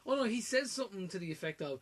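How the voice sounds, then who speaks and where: A man's voice: high voice, lively intonation, fast talker. A man co-hosting a casual film podcast, crude and laughing as he retells scenes. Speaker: podcast co-host.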